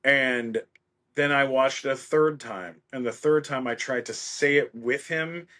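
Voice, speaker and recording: Animated storytelling man, middle-aged. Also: mid-range voice, unhurried. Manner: animated storyteller, acts out quoted voices. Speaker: guest. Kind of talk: casual anecdote.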